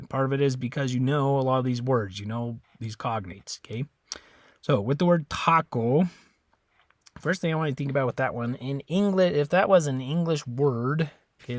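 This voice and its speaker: A man teaching a beginner Spanish lesson in a relaxed, casual way, repeating words and pausing with fillers. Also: mid-range voice, no echo.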